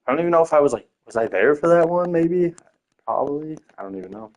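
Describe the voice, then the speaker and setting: A young male teacher chats on a casual podcast in a fairly high, animated, slightly mellow voice at a quick pace. He swears freely, stuffs his stories with fillers and laughs often.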